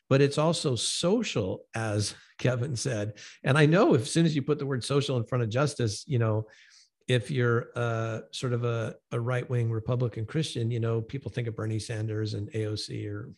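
A man with a gravelly, creaky voice talks in a measured, explanatory way. He builds his points patiently and leans into the key words with gentle emphasis, as a host might on a podcast. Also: medium pitch. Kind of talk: conversational teaching.

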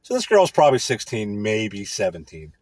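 A man in a casual, profane rant, crude, rambling and sarcastic, with a husky voice. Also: lowish voice, huge pitch swings, moderate pace, darkish tone, dry recording.

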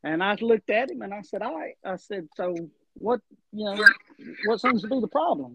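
Animated man spinning a yarn. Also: sits high, moderate pace, slight background noise. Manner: animated, rambling storyteller, acts out quotes. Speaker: guest wrestler. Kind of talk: storytelling on a podcast. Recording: dull lo-fi audio.

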